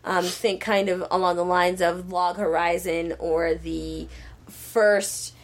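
A woman's voice: on the low side, flat delivery, takes it slowly. A woman chatting casually and rambling a plot summary, full of fillers. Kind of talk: casual chat.

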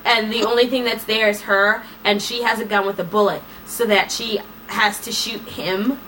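A woman's voice: medium pitch, steady tone, normal speed, a bit bright, slight background noise, close to an everyday voice, poor audio. A woman voicing a manipulative male villain who lays out his cruel plan in a casual, offhand way. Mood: scheming.

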